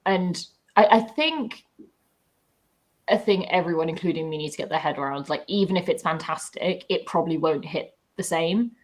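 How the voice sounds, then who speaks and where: A woman's voice: lowish voice, expressive, normal speed. A British woman in her twenties chatting casually as a host, gushing and swearing freely. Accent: British English. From Britain. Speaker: book YouTuber host. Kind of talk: casual chat.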